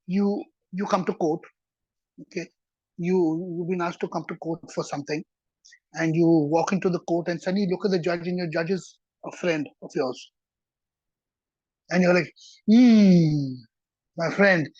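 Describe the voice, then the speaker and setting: A husky, slightly breathy voice delivers a sermon-like religious lesson, talking straight to the listeners and repeating key words for weight. The sound is dull and lo-fi, close and dry with no room around it. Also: medium pitch, a little mellow, dry recording. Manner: conversational, repeats words for emphasis, checks in with listeners. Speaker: Torah teacher.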